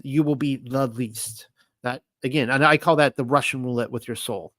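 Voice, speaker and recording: A man giving an informal Bible teaching, reading scripture aloud and commenting on it in an excitable way. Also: mid-range voice, normal speed, dry recording.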